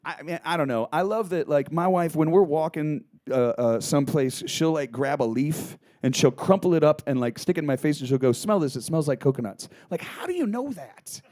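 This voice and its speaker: Between songs at a small live music club, a guitarist and songwriter rambles through stage banter, joking and restarting his sentences. His slightly high voice is expressive and warm, a little fast with few pauses, and carries no room sound, though this is a live club recording with music.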